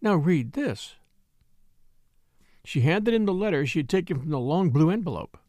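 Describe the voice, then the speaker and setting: A man narrating an audiobook in a measured storytelling manner, also voicing a wry country doctor. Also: fairly high pitch, animated, a little mellow, dry recording, clean studio sound. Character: middle-aged country doctor, dry and wry. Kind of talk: audiobook reading.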